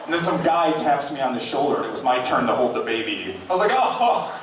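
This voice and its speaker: Rambling stand-up comedian in an echoey club. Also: male voice, fast talker, a bit bright, far from the mic, a little hiss or hum. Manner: loose rambling delivery with many fillers, shrill put-on voices for quoted people. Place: comedy club stage with audience. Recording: very echoey club audio from afar. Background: audience laughter and room ambience.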